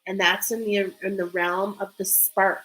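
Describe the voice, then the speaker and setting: A woman's voice: mid-range voice, little pitch movement, measured pace, a bit bright, soft background music, poor audio. A woman giving a spiritual card reading in an earnest, emotional way, reading card texts aloud between loose, filler-filled remarks. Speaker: tarot card reader.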